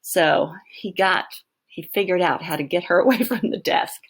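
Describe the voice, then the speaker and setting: A woman teacher reading a children's novel aloud, stopping to explain her thinking in an expressive, explanatory way. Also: on the low side, moderate pace, husky.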